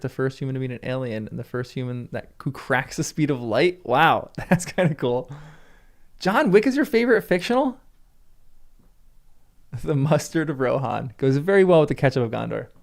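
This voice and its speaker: Chatty man with a gravelly voice. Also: mid-range voice. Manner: chatty, answers live chat comments with frequent laughs. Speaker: livestream host. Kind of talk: casual chat with viewers.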